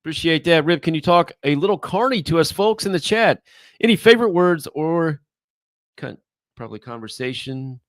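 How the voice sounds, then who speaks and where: A man co-hosting a live show, reading out viewer questions and chat messages in a relaxed manner. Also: fairly high pitch, normal speed, no room sound, studio quality. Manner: reads questions and super chats, easygoing. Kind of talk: casual live-stream chat.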